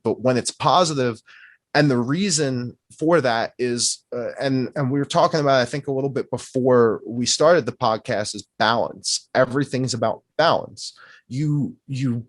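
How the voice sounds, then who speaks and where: A man's voice: mid-range voice, animated, normal speed, no echo. A man in casual podcast chat, musing aloud and posing rhetorical questions.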